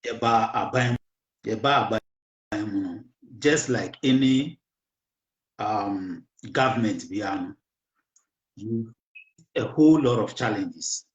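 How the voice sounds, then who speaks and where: A Ghanaian man with a hoarse voice hosts a talk show in a slow, halting way, dropping English words in as he goes. His voice sits in a middle register. The recording is dull and echoey, as if made in a bare room. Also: fairly low pitch. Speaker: radio show host. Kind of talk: casual political talk.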